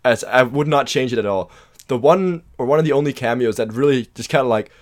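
A man co-hosting a casual film review podcast, enthusiastic and quick to laugh. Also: medium pitch. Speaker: podcast co-host.

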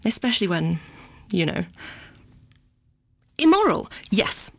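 Woman, bit gravelly voice, rambling arch monologue, keeps correcting herself. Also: mid-range voice, animated, normal speed. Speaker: monologue performer. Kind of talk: comic dramatic monologue.

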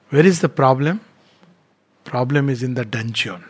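A spiritual teacher, a man, reads poetry aloud and explains it in a measured, reflective way, pausing often. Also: mid-range voice, lively intonation, breathy edge.

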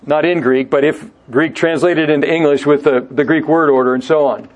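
A man's voice: on the high side, fairly even intonation, darkish tone. A man teaching through a Bible passage in a sermon, drawing out key words and often rephrasing himself mid-thought. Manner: deliberate, stretching key words for emphasis. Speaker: preacher.

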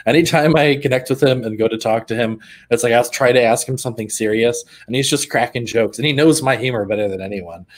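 A man co-hosting a casual conversation, relaxed and hesitant, with many fillers and frequent laughter. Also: medium pitch, fast, hardly any pauses. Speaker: podcast co-host.

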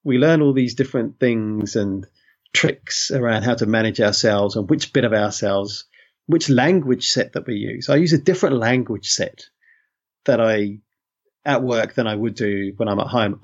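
A London man, a guest in an interview, speaks in a mid-range, expressive, husky voice at a moderate pace, and the recording sounds muffled. His talk is reflective and conversational; he's thoughtful, often corrects himself, and says "you know" a lot.

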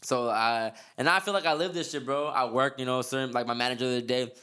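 Fast-talking, rambling man hosting a podcast. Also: medium pitch, sharp tone, smooth. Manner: fast, rambling, slangy, many restarts. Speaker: podcast host. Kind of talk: casual chat.

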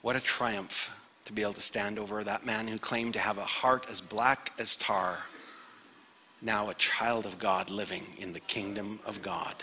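Bright, animated preaching man in a reverberant hall. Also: on the low side, moderate pace, slight background noise. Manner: animated preaching, acts out quoted voices. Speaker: guest pastor. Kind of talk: sermon. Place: church sanctuary.

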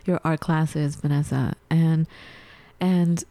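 A woman's voice: low voice, steady tone, takes it slowly, dark tone, no echo. A woman hosting a podcast, effusive and gushing with gratitude toward her guest. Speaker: podcast host. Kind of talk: casual podcast chat.

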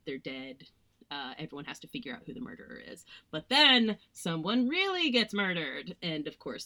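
A woman's voice: low-pitched, bright, forceful tone. Chatty young woman reviewing films. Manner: chatty, frequent "like" fillers, sarcastic mock voices. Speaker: podcast co-host. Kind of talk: casual film review chat.

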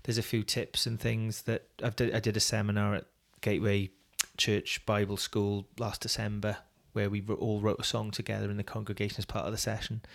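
Uk guy low-ish voice, chatty singer-songwriter guest, waffles a lot with ums. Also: flat delivery, fairly quick, creaky, few pauses. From Britain. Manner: rambling, self-deprecating, lots of ums. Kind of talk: casual podcast interview.

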